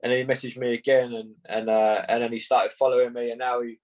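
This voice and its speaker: A young man, a boxer chatting casually in an interview, laid-back and halting, often saying "mate" between fillers. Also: mid-range voice, little pitch movement, a little mellow, rough recording.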